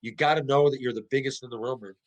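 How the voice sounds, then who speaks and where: A former professional hockey player in middle age swaps stories as a podcast guest, speaking at a quick pace with medium pitch. He's lively and crude, often restarts, and asks rhetorical questions; the audio is poor.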